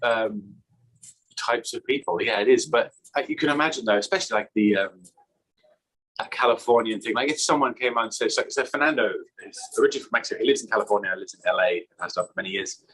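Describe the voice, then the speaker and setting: An English man speaks in a low, husky voice. He is a guest in a relaxed interview chat. He rambles, restarts his sentences and laughs now and then. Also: fast talker, low-quality recording. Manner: rambling, self-correcting, laughs often. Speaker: magician guest.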